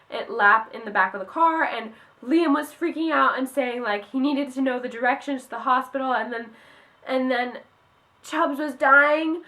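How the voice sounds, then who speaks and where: A woman's voice: on the high side, fairly bright tone. A young woman reviewing a book on her channel, talking casually and emotionally, with many fillers. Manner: gushing, emotional, fast with many "like"s.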